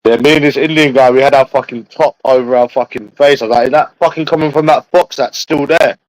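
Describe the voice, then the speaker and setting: Speaking fast in a medium, steady voice, this English-accented man from London rambles through a casual livestream, cursing nonstop and greeting viewers by name. There's no echo, but the recording quality is low.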